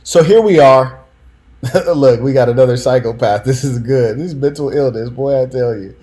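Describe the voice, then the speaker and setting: A man's voice: medium pitch, moderate pace, mellow. A man hosting a casual commentary stream, telling stories in a slangy, emphatic way and talking straight to his audience.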